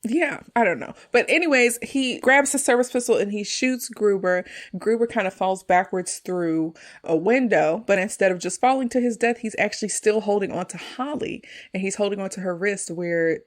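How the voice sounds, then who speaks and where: A woman's voice: medium pitch, normal speed, hardly any pauses. A young woman hosting a casual movie review podcast, walking through the plot and laughing often. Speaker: podcast host.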